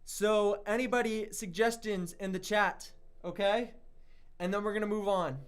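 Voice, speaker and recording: Excitable high-voiced young man hosting. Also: moderate pace, smooth. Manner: excitable, chatty, reads out viewer chat. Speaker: online radio show host. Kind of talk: livestream hosting chat.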